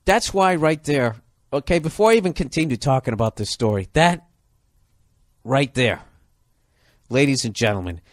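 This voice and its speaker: A man's voice: mid-range voice, normal speed, pauses often, no echo, studio quality. A man telling a story as a comic rant, swearing freely and acting out the people in it. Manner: profane, animated, mimics people in the story.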